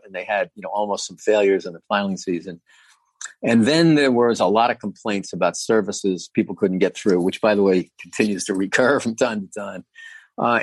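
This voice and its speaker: A man with a low, slightly husky voice talks through his answers, circling back and filling pauses as he thinks. He sounds like a guest in an interview. The sound is dry and close, with little room around it. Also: no room sound. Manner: thoughtful, rambling with many fillers. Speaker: guest, former agency commissioner.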